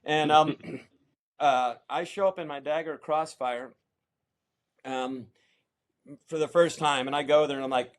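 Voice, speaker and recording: Middle-aged American man, casual interview guest, slightly high voice, lively storyteller who acts out the people he quotes. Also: measured pace, pauses often. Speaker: interview guest, champion kayaker.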